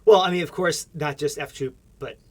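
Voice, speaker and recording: A man's voice: a little high, fairly quick, darkish tone. A man hosting a podcast, an eager, encouraging interviewer who draws out his guest. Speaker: podcast host. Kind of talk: casual interview.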